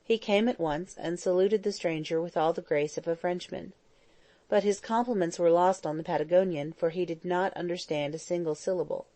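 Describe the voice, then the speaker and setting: A woman reads a classic adventure novel aloud in a steady, measured way. Her voice sits a little low and sounds mellow and warm. The recording is close and completely dry. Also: no echo. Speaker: audiobook narrator. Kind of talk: scripted narration.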